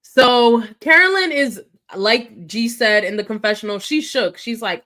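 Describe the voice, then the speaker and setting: Brief: woman podcast co-host, mid-pitch, animated recap chatter. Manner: animated, quick retelling with acted-out quotes. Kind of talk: casual recap chat.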